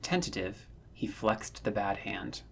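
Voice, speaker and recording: Husky guy reading a fanfic aloud, earnest measured narration, kinda breathy. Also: on the low side, animated, a bit bright. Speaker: audiobook narrator. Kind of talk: scripted story narration.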